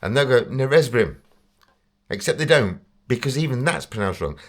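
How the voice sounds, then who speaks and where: A man's voice: mid-range voice, animated, fast talker. An English man telling a casual, rambling story about himself, chatty and self-deprecating, often breaking into laughter. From England. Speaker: vlogger.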